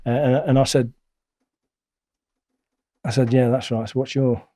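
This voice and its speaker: Blunt mellow-voiced man. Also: medium pitch, measured pace, no echo, clean studio sound. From England. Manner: blunt, colloquial, animated retelling with acted-out quotes. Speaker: interview guest. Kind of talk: casual storytelling.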